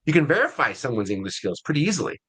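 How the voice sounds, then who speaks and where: Racing along in a very animated, bright voice of medium pitch, this man sounds forceful with a breathy edge. He's a guest on a webinar interview, the CEO of an ISA staffing firm, explaining casually and repeatedly asking "right?" and "okay?"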